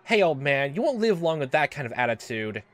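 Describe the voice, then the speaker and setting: A man's voice: a little high, very animated, a little fast, dry recording. A man voicing a smug, clipped police officer. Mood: officious.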